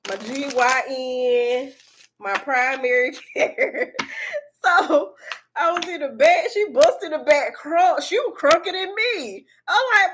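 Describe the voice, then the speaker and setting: A woman, a spiritual reader and channel host, telling animated stories straight to her viewers with lots of swearing and quick laughter. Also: high voice, slight background noise. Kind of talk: casual storytelling to viewers.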